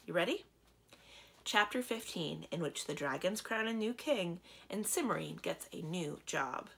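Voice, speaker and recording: Gravelly-voiced woman reading aloud. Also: on the low side, animated, unhurried, fairly bright tone. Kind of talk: children's book read-aloud.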